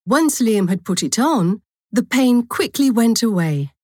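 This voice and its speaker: A woman narrating a short story for a language course in a clear, measured storytelling manner. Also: on the high side, lively intonation, a little mellow, dry recording, clean studio sound.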